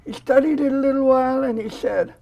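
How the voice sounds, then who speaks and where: A woman's voice: sits high, fairly quick, gravelly. An older woman, a foster grandparent volunteer, telling a story in a studio interview and acting out the quoted lines. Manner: animated storyteller who acts out quoted dialogue.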